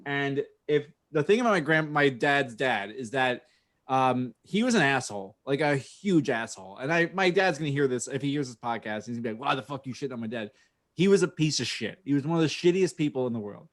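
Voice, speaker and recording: A man's voice: medium pitch, expressive, brisk, fairly bright tone. Rambling, cursing man in casual chat. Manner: rambling, swears freely, frequent restarts. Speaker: podcast co-host.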